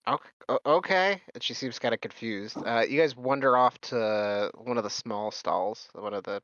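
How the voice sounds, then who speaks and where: A man narrating as game master, talking haltingly with many fillers. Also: fairly low pitch, fairly even intonation, a bit bright, highs cut off.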